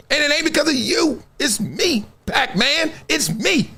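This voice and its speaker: Animated high-voiced male host. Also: unhurried, few pauses. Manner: emphatic, preachy, with rising exhortations. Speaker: show host. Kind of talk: animated commentary monologue.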